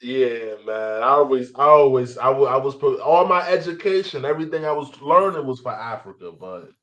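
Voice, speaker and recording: A man's voice: mid-range voice, animated, moderate pace, fairly bright tone, dull audio. A man joins a casual chat as co-host. He answers in short, agreeing replies and adds a brief remark now and then.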